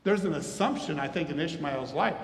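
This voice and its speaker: Animated preacher in an echoey hall. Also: male voice, a little high, fairly quick, vocal fry. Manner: animated preaching, asks the audience questions. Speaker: pastor. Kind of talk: sermon.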